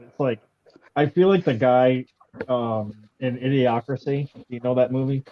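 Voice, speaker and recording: A man's voice: mid-range voice, normal speed, dull audio. A man hosting a casual chat, joking around in a hesitant way with many ums and likes. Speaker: host.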